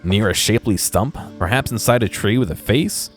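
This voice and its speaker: A man's voice: on the low side, moderate pace, faint music behind, natural voice. A man voicing a scheming, impatient male demon goat in a video game, speaking with a mocking drawl. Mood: smug.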